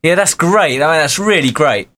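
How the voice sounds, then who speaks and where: A male interviewer with a bright, forceful voice pitched a little high. He asks questions and keeps heaping admiring praise on his guest. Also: lively intonation, moderate pace. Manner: admiring, encouraging.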